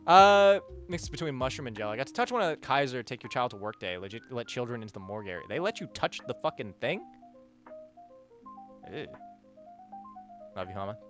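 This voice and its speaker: A man's voice: fast, pauses often. A man chatting casually on a livestream, reading out donations and rambling, swearing often. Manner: rambling, swears a lot, animated swings in pitch and loudness. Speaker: streamer. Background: faint music.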